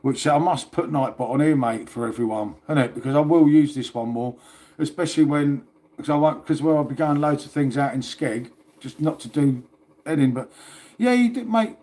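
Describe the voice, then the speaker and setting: A man's voice: fairly high pitch, normal speed, mellow. A man hosting a casual livestream, chatting and rambling to viewers and swearing now and then. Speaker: livestream host.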